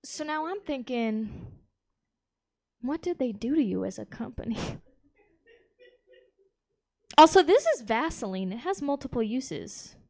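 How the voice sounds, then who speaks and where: A woman's voice: high-pitched, big pitch swings, moderate pace, darkish tone. Brash, bawdy woman doing stand-up. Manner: brash, bawdy, laughing at her own jokes. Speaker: stand-up comic. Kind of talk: stand-up set. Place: comedy club stage.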